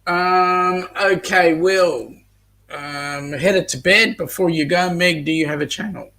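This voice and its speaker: A man's voice: high voice, takes it slowly, pushed and bright. An Australian man hosting a casual live stream, chatting and reading out viewer comments with plenty of ums. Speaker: host reading live chat.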